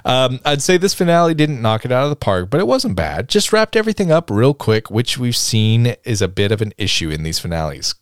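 A man's voice: medium pitch, very animated, brisk, few pauses, no room sound, clean studio sound. A man hosting a casual podcast chat, reading out listener comments and stumbling over the words now and then.

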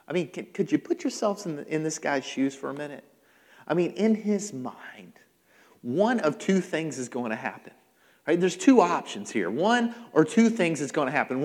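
Brief: male pastor, slightly high voice, punchy repeated phrases, long church-hall echo. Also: expressive, measured pace. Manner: emphatic preaching with repetition, acting out quotes. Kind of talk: sermon. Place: church sanctuary.

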